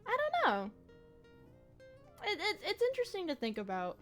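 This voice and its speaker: With an extremely high, slightly bright voice and huge pitch swings, a young woman chats casually as she streams a game. She rambles reflectively at a moderate pace, using slang and swearing, while faint music plays behind her.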